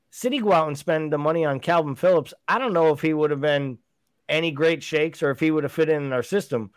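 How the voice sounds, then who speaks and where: A man's voice: a little high, no room sound. A man co-hosting a football podcast, talking in a wry, sarcastic way. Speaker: podcast co-host. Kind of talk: casual football fan chat.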